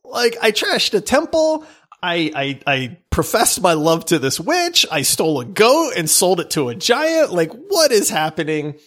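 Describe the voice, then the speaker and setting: A male podcast co-host in casual chat, telling an excitable story and acting out scenes. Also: high voice, unhurried. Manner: excitable, acts out scenes in voices.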